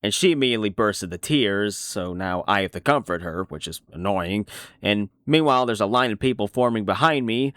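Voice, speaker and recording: A man's voice: fairly low pitch, lively intonation, brisk, a bit bright, no echo, clean studio sound. A man doing a sardonic washed-up horse, BoJack. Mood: bitter. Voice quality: sardonic, rambling, self-deprecating. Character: cynical middle-aged male horse, washed-up star. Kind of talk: fan voice dub of animated series.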